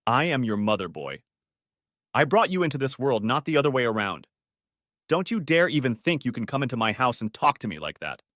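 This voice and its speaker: A man's voice: medium pitch, sing-song, fairly quick, a bit bright, no room sound, clean studio sound. A man voicing a bitter middle-aged mother who talks coldly and scolds harshly, in a storybook reading. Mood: angry. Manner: cold and indifferent, then harsh and scolding.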